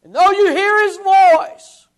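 A man preaching a sermon, swinging from loud ringing calls to hushed low murmurs, with drawn-out emphatic repetition. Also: steady tone. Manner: slow, drawn-out emphatic delivery with repeated phrases.

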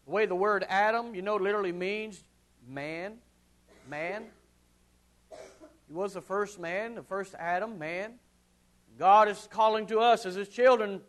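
High-voiced slow-preaching man. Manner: swings from loud ringing calls to hushed low murmurs; slow, drawn-out emphatic delivery with repeated phrases. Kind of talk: sermon.

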